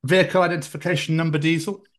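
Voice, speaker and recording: A man's voice: fairly high pitch, steady tone, very fast. A man co-hosting a podcast in casual comedic chat, dry and jokey, swearing casually. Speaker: podcast co-host.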